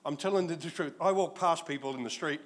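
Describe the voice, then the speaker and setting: Talking fast in a fairly high voice, an Australian man in his sixties preaches as pastor. He tells stories in an animated, joking way throughout his sermon.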